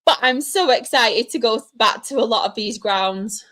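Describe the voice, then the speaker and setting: Woman, fairly high voice, casual live stream chat, laughs a lot. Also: moderate pace, a bit bright. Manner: chatty, laughs often, greets viewers by name.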